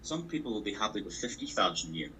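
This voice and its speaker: A man's voice: lowish voice, very animated, fast, pushed and bright, far from the mic, a little hiss or hum, poor audio. Emphatic, repetitive man coaching a call. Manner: emphatic and repetitive, drives points home with sports analogies. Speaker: business opportunity trainer. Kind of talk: motivational training talk. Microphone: call audio.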